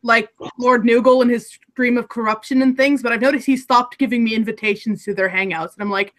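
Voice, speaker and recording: A woman's voice: fairly high pitch, fairly even intonation, fairly quick, a bit bright. A woman from Alaska with an Alaskan accent, chatting casually and rambling with restarts as a content creator. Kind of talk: casual group chat.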